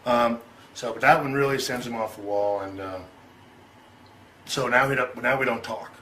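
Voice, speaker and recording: A man's voice: mid-range voice, moderate pace, sharp tone, a little hiss or hum, rough recording. A middle-aged man telling a story in an interview, loose and profane, chuckling and acting out both sides of an argument. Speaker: interview guest.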